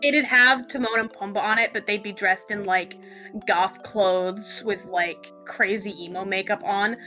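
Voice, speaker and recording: A woman's voice: medium pitch, steady tone, a little slow, bright, forceful tone, soft background music. A woman chatting casually on a game stream, teasing her co-host and swearing freely. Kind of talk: casual chat while playing a game.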